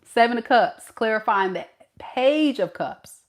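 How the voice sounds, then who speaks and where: A woman giving a tarot reading to her viewers, blunt and animated, talking straight to them as y'all. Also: fairly high pitch, measured pace. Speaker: tarot reader.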